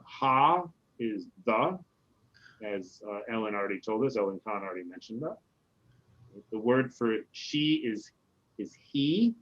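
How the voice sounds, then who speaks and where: A man, a rabbi, teaching a relaxed Hebrew class over a video call, often checking in with "right?". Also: lowish voice, measured pace, dull audio. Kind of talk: casual online class teaching.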